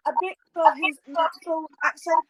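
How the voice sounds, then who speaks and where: A woman's voice: extremely high pitch, steady tone, moderate pace, noisy background. A woman guest on a casual fan podcast, talking in an enthusiastic, gushing way.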